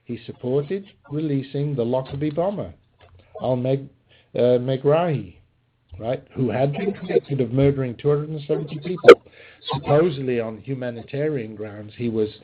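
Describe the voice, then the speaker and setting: A man's voice: medium pitch, normal speed. Sarcastic man on a tinny line. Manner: combative, sarcastic, with frequent fillers. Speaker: podcast host. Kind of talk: political commentary podcast. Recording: tinny phone-line sound with faint hiss.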